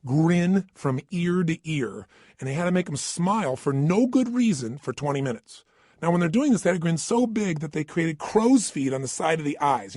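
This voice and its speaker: Middle-aged male motivational speaker, fairly high husky voice, emphatic, swoops up and down, dry close mic. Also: a little mellow, no room sound. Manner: emphatic, questions the listener directly. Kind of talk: energetic motivational talk. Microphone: studio microphone.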